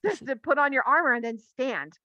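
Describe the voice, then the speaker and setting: Animated woman teaching, bright lo-fi voice. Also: sits high, a little fast, dry recording. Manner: animated, acts out quotes, frequent restarts. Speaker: Bible study co-host. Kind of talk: casual teaching chat. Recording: dull lo-fi sound.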